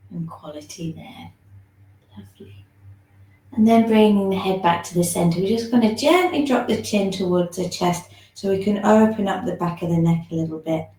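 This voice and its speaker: A woman teaching a gentle online movement class, giving soft, soothing instructions and yawning now and then. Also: mid-range voice. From England. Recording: echoey room.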